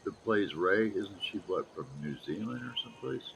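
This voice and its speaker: A man's voice: fairly low pitch, lively intonation, normal speed, vocal fry. A man in a casual chat with friends, talking bluntly and cursing freely, in a noisy recording.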